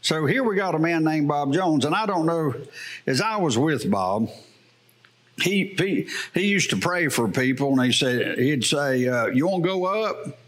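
A man's voice: on the high side, animated, unhurried, a bit bright. A man preaching a sermon in church, telling folksy stories with a farmer's plain talk and frequent chuckles. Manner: folksy storytelling with laughs. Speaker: pastor.

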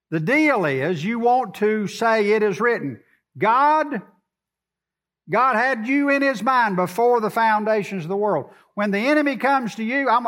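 A man preaching with a high voice and a drawl. He quotes scripture and talks to the congregation in a loose, conversational way. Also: a bit bright. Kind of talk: sermon.

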